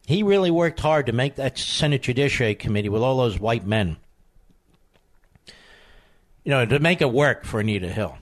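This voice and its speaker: A man hosting a political talk radio show, combative and emphatic, with sudden high outbursts. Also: lively intonation, normal speed, pauses often.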